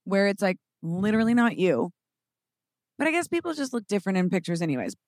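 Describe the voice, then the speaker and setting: A woman's voice: mid-range voice, sing-song, fast, a little mellow, no echo, studio quality. A woman co-hosting a podcast in casual banter, pushing back bluntly and teasing her co-host.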